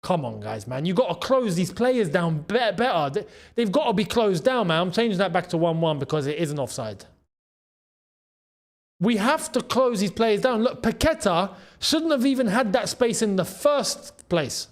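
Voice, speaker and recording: A man hosting a live football watchalong, reacting to play and chatting to viewers, shouting at big moments. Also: high-pitched, moderate pace. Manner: excitable, shouts at goals, chats to viewers. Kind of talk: live match watchalong commentary.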